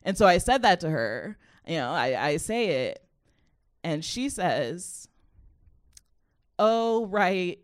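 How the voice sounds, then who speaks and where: A woman doing stand-up, telling a story with lively impressions of others. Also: low-pitched, unhurried, no room sound, studio quality. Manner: animated storytelling, mimics others. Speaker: stand-up comedian. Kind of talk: stand-up comedy set.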